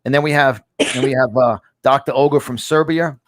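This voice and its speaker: A man hosting a talk podcast, speaking excitably with many restarts and repeated words. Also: mid-range voice, normal speed, no echo, clean studio sound. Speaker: podcast host. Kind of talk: casual talk show chat.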